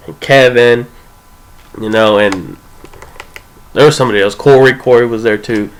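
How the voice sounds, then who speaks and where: A young man telling a casual, profane personal story, acting out what people said with big jumps in his voice. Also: rough recording. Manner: animated, profane, acts out quoted voices with big pitch jumps.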